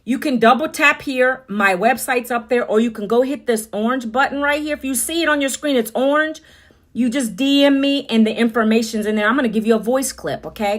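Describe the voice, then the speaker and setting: A middle-aged woman hosting a casual livestream, chatty and upbeat, talking straight to her viewers on her phone. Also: a little high. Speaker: livestream host.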